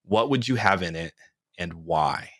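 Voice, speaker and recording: This is a male podcast host with a lowish voice, captured in a dry, close recording. He keeps things loose and jokey, ribbing his guests as he asks questions in a casual interview. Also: expressive, a little slow, a bit bright, no room sound. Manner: joking, playful questioning.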